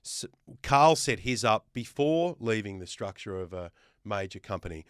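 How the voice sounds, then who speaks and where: A man with an Australian accent talks in a casual podcast chat. He makes his case with firm emphasis and stacks up lists of examples. His voice is smooth and resonant, and the recording is close and dry. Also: lowish voice, lively intonation, normal speed, no room sound. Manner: emphatic, builds points with lists. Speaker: guest host.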